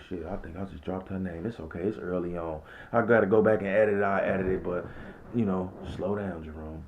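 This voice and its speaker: A man who works as a restaurant server, telling a story in a casual vlog, swinging between loud and hushed and acting out the quotes. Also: lowish voice, lo-fi sound.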